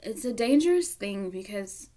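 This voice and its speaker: A woman's voice: medium pitch, animated, moderate pace, mellow. A woman giving a casual tarot reading to camera, candid and emotional, dropping at times into a near whisper. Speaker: tarot reader.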